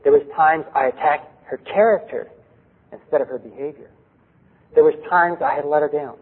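A man's voice: fairly high pitch, moderate pace, slightly rough. A middle-aged man preaching a sermon, earnest, asking the audience rhetorical questions. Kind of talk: sermon with personal story. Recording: tinny lo-fi recording with long hall reverb.

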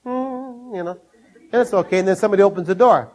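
An older man from Minnesota gives a sermon in a folksy, storytelling way. His voice sits a little high. He chuckles often and jumps his voice up to act out the scenes he describes. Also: quick pace, a little mellow. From Minnesota, USA. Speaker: preacher.

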